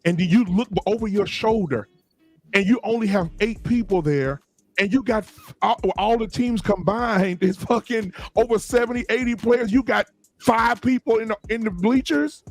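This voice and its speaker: Brief: high-pitched man, loud and profane, casual coach-talk on a panel podcast. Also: normal speed, soft background music.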